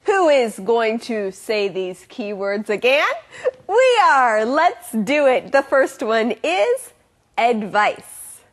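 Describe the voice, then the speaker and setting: A woman's voice: on the high side, very animated, takes it slowly. A woman hosting a children's English lesson show, with a bubbly teacher's delivery. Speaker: host.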